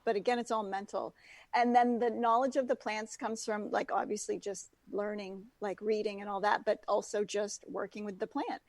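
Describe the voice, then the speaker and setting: A woman's voice: mid-range voice, little pitch movement, normal speed, darkish tone, no room sound. A woman guest in a casual interview, chatty and full of fillers like "like" and "you know". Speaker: guest, natural products founder.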